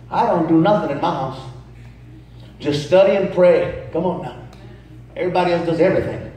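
A high-voiced man preaches with a lively, swooping delivery, breaking into call-and-response with the crowd. He is heard from a distance, his voice ringing through a very echoey hall. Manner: animated, storytelling, calls to the crowd. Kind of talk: humorous sermon with call-and-response. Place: large church hall.

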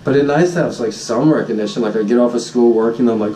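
A man, a high school Spanish teacher, telling a story in a jokey, boastful vlog and acting out his own shouts. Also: quick pace, hardly any pauses, reverberant, distant mic, a little hiss or hum, low-quality recording. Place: Honolulu.

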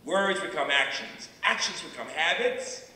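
A man in his sixties, a university president giving a public lecture, telling stories with dramatic pauses and repeated refrains. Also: a little high, lively intonation, bright, forceful tone. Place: large lecture hall. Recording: echoey hall from far off.

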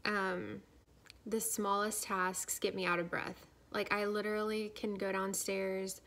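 A woman's voice: medium pitch, little pitch movement, a little slow, a bit bright. A young woman chatting casually in a vlog, filler-heavy and saying "like" a lot, a little out of breath as she talks. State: slightly out of breath. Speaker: vlogger. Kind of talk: casual pregnancy update vlog.

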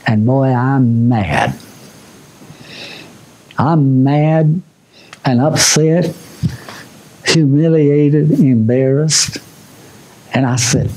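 A man preaching a sermon as pastor, moving between loud, high exhortation and low, quiet asides. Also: drawn-out words, pauses often, rough recording. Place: church sanctuary.

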